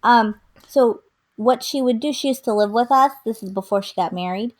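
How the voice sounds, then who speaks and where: This female podcast co-host has a fairly high voice and an ordinary pace. In relaxed conversation, she tells lively stories, performing the quotes and filling her speech with fillers.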